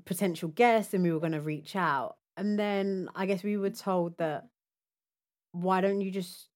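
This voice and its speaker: A woman's voice: on the low side, normal speed, a little mellow. A young woman co-hosting a podcast in casual, slangy chat, laughing often. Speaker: podcast co-host.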